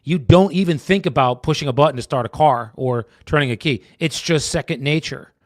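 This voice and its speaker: A man's voice: fairly high pitch, fairly quick, no room sound, studio quality. A man from New Jersey co-hosting a casual real estate chat, rambling and restarting his sentences, calling his partner brother. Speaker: real estate agent, co-host.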